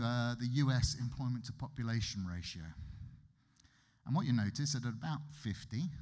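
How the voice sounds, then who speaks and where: A man's voice: fairly low pitch, a little mellow. A man with a British accent giving a conference keynote lecture in a wry, conversational way with emphatic asides. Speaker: keynote speaker. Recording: reverberant hall.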